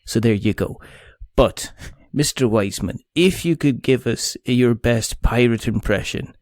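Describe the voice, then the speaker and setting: A man's voice: medium pitch, measured pace, darkish tone, no room sound. A man hosting a podcast interview, teasing his guests and laughing often as he rambles. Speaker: podcast host.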